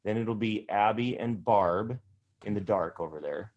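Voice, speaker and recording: A man's voice: lowish voice, measured pace, darkish tone, muffled recording. Encouraging male improv teacher. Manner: encouraging, hesitant with fillers. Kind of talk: online class instruction. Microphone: video call.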